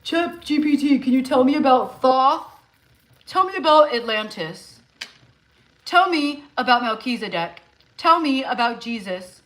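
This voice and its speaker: A woman puts on a naive spiritual creator eagerly quizzing a chatbot, firing off one question after another. The voice sits a bit high and bright, with a tense, sharp edge. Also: lively intonation, unhurried, poor audio.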